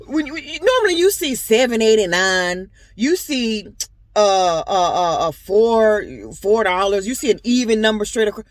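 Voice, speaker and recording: A woman's voice: mid-range voice, no room sound. A young woman vlogging in a casual, rambling way, speaking directly to her viewers. Her voice sits in a middle range. The sound is dry and close. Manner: rambling, earnest storytelling with many fillers; talks straight to her viewers. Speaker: vlogger and boutique owner. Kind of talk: casual personal vlog talk.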